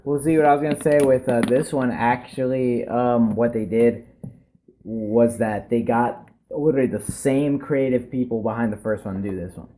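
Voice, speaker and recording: A young man hosts a casual chat and keeps steering it along. His voice sits at an ordinary middle pitch. Clear noise runs under the recording. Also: fairly even intonation, normal speed, mellow, rough recording. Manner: leads the talk, moves topics along. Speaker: podcast host.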